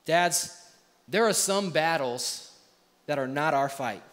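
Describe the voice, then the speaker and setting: A man preaching a sermon as a pastor, earnest, moving between hushed and emphatic delivery. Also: fairly high pitch, lively intonation, takes it slowly, in a large hall. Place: church sanctuary.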